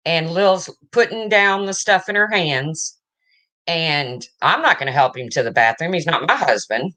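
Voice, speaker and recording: A woman's voice: sits low, animated, measured pace, sharp tone. A woman vlogger telling a personal story in a frank, emotional way, swearing casually and often checking in with "okay?".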